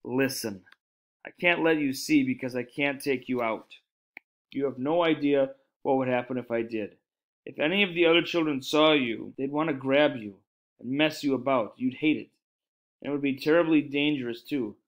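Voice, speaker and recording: A man's voice: medium pitch, moderate pace, natural voice. A man voicing an exasperated young schoolboy who argues and pleads. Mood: pleading.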